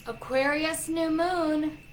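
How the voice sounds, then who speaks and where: A woman hosting a casual livestream as a psychic coach, warmly greeting viewers by name with loud excited bursts. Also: high-pitched, takes it slowly, a little hiss or hum, rough recording.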